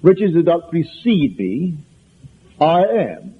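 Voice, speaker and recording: A man with an accent gives a conversational spiritual lecture, telling anecdotes and repeating points for emphasis. His voice is husky and sits a little high. It comes through a thin, lo-fi, phone-like recording. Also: sing-song, takes it slowly. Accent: foreign accent.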